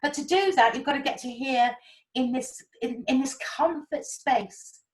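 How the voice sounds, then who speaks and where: A woman giving animated, chatty spiritual guidance and explaining with homely analogies. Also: high-pitched, normal speed, low-quality recording. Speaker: spiritual guide. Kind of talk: casual spiritual talk.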